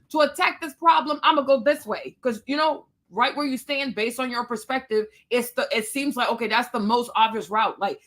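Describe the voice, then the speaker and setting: Woman live streamer, high voice, bright tone, blunt opinionated chat. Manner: blunt, opinionated, talks straight to viewers. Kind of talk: casual live stream commentary.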